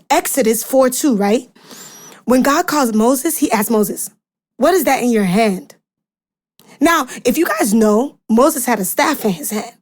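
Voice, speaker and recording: Woman podcast host teaching a bible message, kinda high voice, chatty and animated, slangy asides. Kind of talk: casual devotional teaching.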